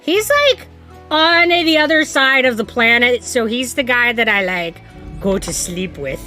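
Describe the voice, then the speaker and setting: A woman's voice: a little high, unhurried, pushed and bright, faint music behind. A woman game streamer in casual live-stream chat, giggling often and stammering when flustered.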